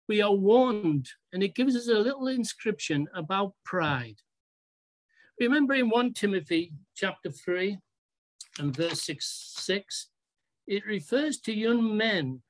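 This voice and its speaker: A preacher with a medium-pitched voice delivers a sermon deliberately and emphatically. He asks rhetorical questions and draws out key words.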